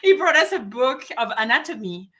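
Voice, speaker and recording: A woman's voice: on the high side, big pitch swings, moderate pace, sharp tone. A woman physician speaking as an interview guest, laughing easily and talking with hesitant fillers. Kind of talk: casual interview talk.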